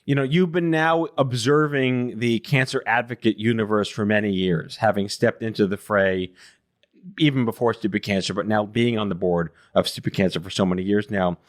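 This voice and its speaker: A man's voice: on the low side, fairly even intonation, normal speed. A man hosting an interview podcast, chatty and self-deprecating. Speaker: podcast host. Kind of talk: casual interview intro.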